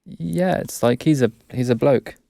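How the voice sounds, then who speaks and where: Casual, hesitant English guy, talking with a bit of vocal fry, dry room. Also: medium pitch, a little slow, warm tone, no echo. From England. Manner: hesitant, self-correcting, laughs easily. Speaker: guest, English teacher. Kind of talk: casual chat.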